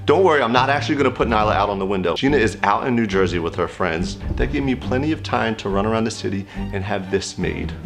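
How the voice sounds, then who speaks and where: Deep-voiced young man vlogging a prank. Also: animated, a little fast, creaky. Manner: chatty, mischievous, speaks straight to camera. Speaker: vlogger pranking his girlfriend. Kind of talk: casual vlog narration. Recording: music playing underneath.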